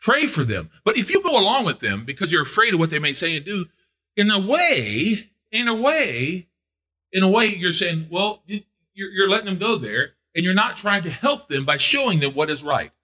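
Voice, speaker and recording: A man preaching a fervent sermon, repeating his phrases for emphasis and building to loud exhortation. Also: high-pitched, very animated, moderate pace.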